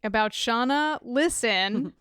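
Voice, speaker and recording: A woman's voice: on the high side, slow pace, a bit bright, clean tone, no echo. A woman co-hosting a podcast, chatting casually with dry, wry humor. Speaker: podcast co-host.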